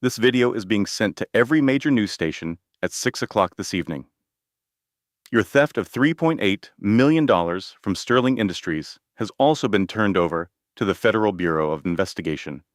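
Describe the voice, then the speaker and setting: Low-voiced male story narrator. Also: lively intonation, brisk, no echo, clean studio sound.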